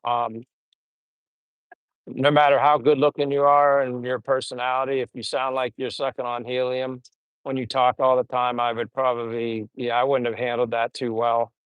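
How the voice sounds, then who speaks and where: A man's voice: medium pitch, level tone, moderate pace, clear, resonant tone, no room sound, narrow, tinny audio. A middle-aged man rambling through funny old stories while reading out live chat on a casual stream. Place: home in the Philippines.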